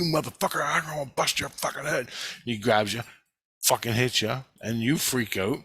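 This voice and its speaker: A man's voice: mid-range voice, bright, forceful tone, no echo. A man telling a long story about his dreams, rambling and swearing, acting out what people said. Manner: rambling, swears a lot, acts out quoted lines. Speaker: vlogger recounting dreams. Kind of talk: rambling monologue.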